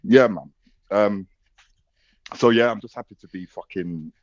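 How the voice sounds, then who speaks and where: South London man, 30s, earnest slangy guest; lowish voice, muffled dry audio. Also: unhurried, dry recording. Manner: slangy, earnest, laid-back. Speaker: guest panelist. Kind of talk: casual chat. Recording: dull dry call audio.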